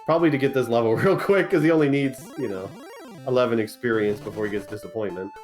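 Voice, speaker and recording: A laid-back man giving color commentary on a retro game race, cracking jokes between updates. He talks at a middle pitch, with faint music behind him. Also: fast. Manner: joking, laid-back, chatty. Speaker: tournament co-commentator.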